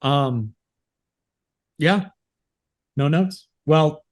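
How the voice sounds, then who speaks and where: A young adult man in casual chat as podcast co-host, speaking haltingly with many fillers and repeated words. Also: fairly high pitch.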